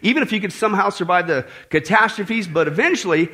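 A man preaching a sermon to a congregation, emphatic and animated, with joking asides and repeated warnings. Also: sits high, fast talker.

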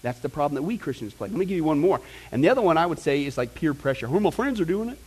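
High-voiced animated pastor. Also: male voice, racing, breathy edge. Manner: animated, conversational preaching with asides and mock voices. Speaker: pastor teaching a Bible class. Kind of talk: sermon.

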